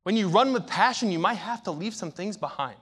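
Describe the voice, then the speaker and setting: A young man preaching a sermon, telling a story with big swings from hushed to shouting. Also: high voice, expressive, brisk, breathy edge.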